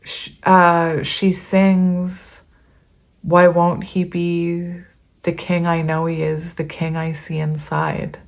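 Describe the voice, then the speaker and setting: A woman's voice: fairly low pitch, monotone, takes it slowly. Chatty, emotional tarot-reading woman. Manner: chatty and emotional, reading aloud with many ums. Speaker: tarot reader.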